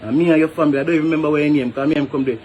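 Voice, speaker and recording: A man's voice: fairly high pitch, fairly even intonation, racing, darkish tone, a little hiss or hum. A man with a Jamaican accent, a hotel worker venting emphatically and tagging phrases with "brother". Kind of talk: venting to camera.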